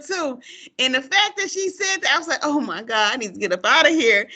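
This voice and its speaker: Bright, lively woman telling classroom stories. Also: sits high, fast talker. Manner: animated storyteller, acts out quotes, laughs often. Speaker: podcast host, former teacher. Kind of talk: casual chat with a friend.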